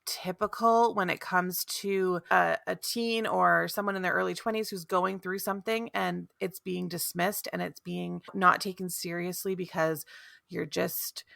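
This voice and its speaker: A woman's voice: fairly low pitch, fairly even intonation, unhurried, vocal fry, a bit bright, no echo, clean studio sound. A woman co-hosting a podcast, answering her guest in an affirming, reflective way. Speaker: podcast co-host. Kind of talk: casual chat.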